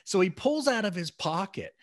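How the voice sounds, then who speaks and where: Animated man telling a story. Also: sits high, normal speed. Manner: animated, acts out dialogue, laughs while telling. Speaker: podcast co-host. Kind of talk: casual storytelling.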